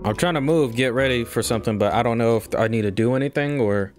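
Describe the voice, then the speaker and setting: A man casually commenting as he plays a game, talking to himself and reacting loudly. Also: medium pitch, fast. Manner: talks to himself, hums melodies, jumpy reactions. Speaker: streamer playing a game. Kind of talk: casual let's-play commentary. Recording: game music playing behind.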